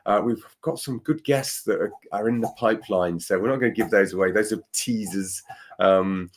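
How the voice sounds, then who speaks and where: A man's voice: lowish voice, normal speed. A man hosting a casual live show, breezy and upbeat with many fillers. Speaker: host.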